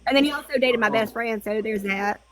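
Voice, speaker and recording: A woman's voice: a little high, brisk, a bit bright. Joking woman chatting on a livestream. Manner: joking, swears freely, laughs often. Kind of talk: casual group chat on a livestream.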